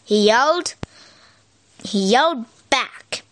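A woman storyteller reads a picture book aloud with a high voice. She is animated and expressive, her pitch swooping all over, and she takes her time with each line. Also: slow pace.

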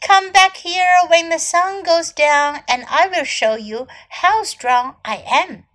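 A woman voicing a proud, stubborn little female tortoise in a children's story, speaking slowly and with emphasis. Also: very high voice, a bit bright, pitched above the performer's own voice, full character voice. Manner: slow, emphatic, storybook delivery.

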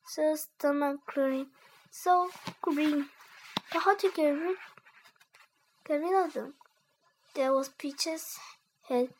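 A young child reads a storybook aloud in a high, earnest voice. The reading stumbles now and then with small slips and restarts. A faint background hiss runs underneath. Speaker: reader.

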